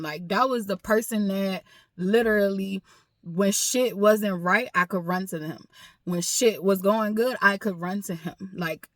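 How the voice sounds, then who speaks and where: A woman's voice: on the low side, fairly bright tone, dry recording, clean studio sound. A woman vlogging a personal story with raw emotion, swearing often and repeating herself for emphasis. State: emotional, grieving.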